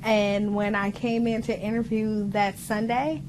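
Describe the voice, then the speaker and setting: A woman co-hosting a community podcast with a squeaky voice, speaking directly and with passion. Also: flat delivery, measured pace, noisy background. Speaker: podcast co-host. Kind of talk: casual interview talk.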